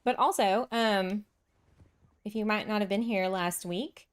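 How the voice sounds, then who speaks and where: With a mid-range, clean-toned voice at a moderate pace, a Texan woman hosts a casual gaming livestream, talking with viewers and laughing frequently as she plays.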